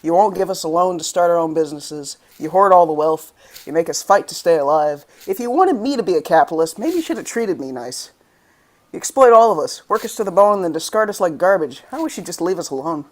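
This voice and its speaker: A spoken word poet from the United States, reading verse in a rhythmic, impassioned voice. The delivery keeps rising into angry emphasis at mid pitch. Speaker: guest poet.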